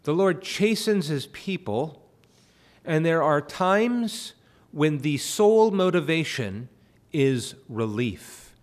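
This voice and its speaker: A man's voice: a little high, lively intonation, slow. A male pastor preaching a sermon in a church. He works verse by verse through a Bible passage and rises to impassioned pleading. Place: church sanctuary.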